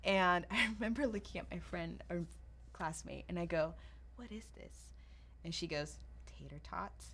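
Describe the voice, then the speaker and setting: A young woman from Nigeria, now speaking, hosting a casual chat and telling lively stories in which she acts out quoted voices. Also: on the low side, moderate pace, a little hiss or hum. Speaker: podcast host.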